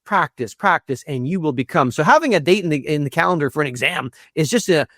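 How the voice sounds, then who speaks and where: A man speaking as a guest in a conversational interview, earnest and prone to repeating words as he thinks, with a gravelly voice. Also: fairly high pitch, animated, quick pace, a bit bright, dry recording, studio quality. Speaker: guest, institute executive director.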